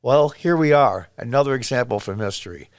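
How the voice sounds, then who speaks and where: A man's voice: mid-range voice, expressive, fairly quick, smooth, no room sound, studio quality. A man in his sixties from upstate New York gives emphatic casual political commentary, repeating himself as he reacts to footage. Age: 60s. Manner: emphatic, repetitive, exclaims over footage.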